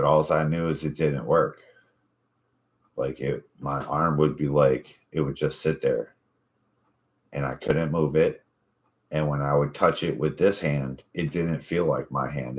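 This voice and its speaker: A man hosting a casual chat show, telling profane, rambling stories from his life. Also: rumbling low. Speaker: podcast host.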